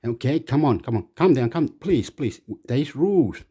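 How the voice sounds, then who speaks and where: A man putting on the voice of a flustered male official who begs everyone to calm down, stammering and repeating himself. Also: mid-range voice, moderate pace, husky.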